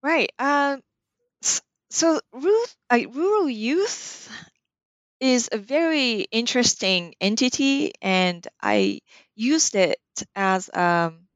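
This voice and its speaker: A woman author answering interview questions in a measured, explanatory way, now and then correcting herself mid-word. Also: fairly high pitch, expressive, a bit bright, clean tone, no room sound, lo-fi sound.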